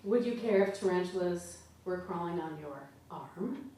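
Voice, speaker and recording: Woman putting on a grave deep doctor voice. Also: expressive. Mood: grave questioning. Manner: slow, grave questioning. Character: deep serious doctor-like inner voice. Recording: roomy live hall, mic far off, loud audience.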